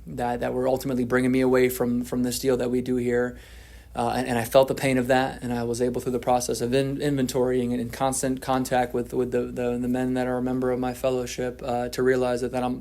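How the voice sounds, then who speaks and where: A man's voice: medium pitch, vocal fry, a little mellow. A man telling his story at a twelve-step recovery meeting, candid and self-deprecating, often restarting his sentences.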